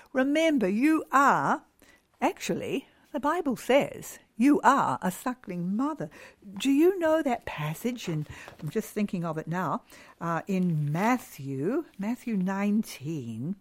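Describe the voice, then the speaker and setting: A woman giving a devotional talk to mothers, gushing and emphatic, drawing her words out with many exclamations and dropping to soft whispers on key words. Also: mid-range voice, sing-song, dry recording. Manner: slow and drawn out, with many exclamations.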